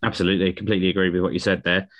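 A man hosting a casual podcast chat, calm and agreeable as he passes the talk around. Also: deep voice, very fast, no room sound. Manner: calm, agreeable, prompts others. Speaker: podcast host. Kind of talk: casual chat about motor racing.

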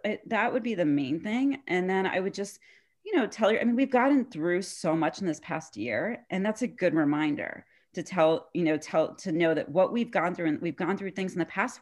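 Female therapist guest, notably low voice, earnest and explanatory, lots of "you know". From New York area. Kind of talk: casual interview chat.

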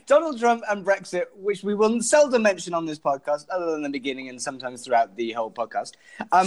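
Lively Welsh man, podcast co-host. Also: a little high. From Wales. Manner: laughs often, lively storytelling. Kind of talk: casual comedic chat.

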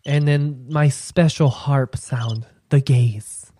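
A man's voice: fairly even intonation, slow pace. A young man hosting his own podcast, chatting casually and playfully to listeners with campy asides. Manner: drops into a low, quiet "sweetie" aside. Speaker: podcast host. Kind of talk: casual solo podcast chat.

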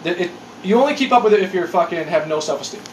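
A man's voice: sits high, expressive, fast, a little hiss or hum. A man in his forties in casual chat, ranting with lots of swearing and exasperation. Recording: echoey room.

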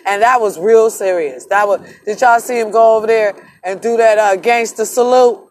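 Woman vlogger, slightly high voice, emphatic and emotional, casual profane monologue to camera. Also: normal speed, hardly any pauses, a little hiss or hum. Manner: emotional, emphatic, profane, addresses viewers as y'all. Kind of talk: casual vlog monologue to viewers.

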